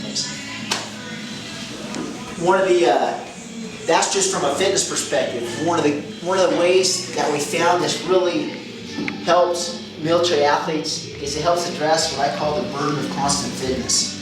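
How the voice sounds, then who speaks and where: A man's voice: a little high, steady tone, moderate pace. A man coaching, explaining a training method in a methodical way, repeating key phrases and correcting himself as he goes. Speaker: fitness coach. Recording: echoey room, mic at a distance, music behind.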